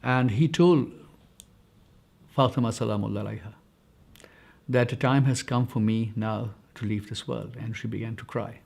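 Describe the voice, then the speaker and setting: A man solemnly retelling a religious history for a documentary, measured and unhurried. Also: medium pitch, fairly even intonation, vocal fry, a little hiss or hum. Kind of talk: documentary storytelling. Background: soft background music.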